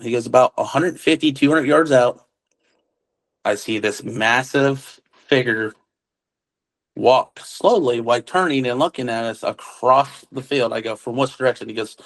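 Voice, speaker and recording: A man of ordinary pitch telling a story in a loose, conversational way. He slips into the voices of the people he is quoting and drops casual military slang as he goes. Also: poor audio. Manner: acts out quoted dialogue, relaxed military slang. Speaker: witness recounting an encounter.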